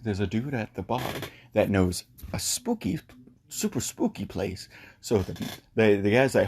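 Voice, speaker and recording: A man giving a rambling, animated comic recap of a horror movie, with casual swearing. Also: lowish voice, unhurried. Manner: rambling, animated storytelling with profanity. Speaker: movie reviewer.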